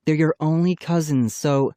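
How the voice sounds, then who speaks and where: A man voicing a patient mother for a storybook, lifted somewhat above his own pitch, speaking calmly but firmly. The delivery is close and dry. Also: normal speed, dry recording, lightly acted. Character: patient middle-aged mother, gently scolding. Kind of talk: audiobook character voice.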